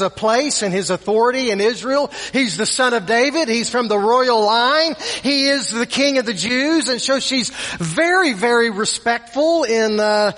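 Slow high-voiced male preacher. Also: a bit bright, long reverb tail. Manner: halting, repeats words, emphatic. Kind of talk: sermon.

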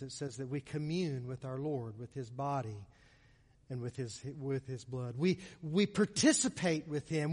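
High-voiced preacher in an echoey hall. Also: male voice. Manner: repeats words often, swells loud then drops soft. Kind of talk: sermon leading communion. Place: church sanctuary.

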